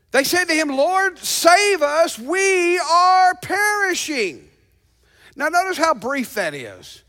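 A male pastor preaching a sermon to his congregation, emphatic and calling out to them, swinging between loud declarations and hushed asides. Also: very high-pitched. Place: church sanctuary.

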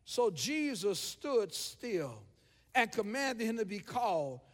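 A man preaches with a very high voice, driving home repeated phrases and swelling into shouts. The sound carries a long reverb from the church sanctuary. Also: big pitch swings, takes it slowly. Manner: rhythmic repetition, rising to shouts. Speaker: pastor. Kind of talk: sermon.

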